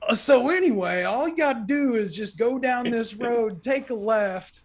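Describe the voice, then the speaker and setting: A friendly old farmer with a high, thin voice and a drawling, folksy manner, as a man puts him on while telling a story. The voice sits well above the teller's own. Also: animated, moderate pace.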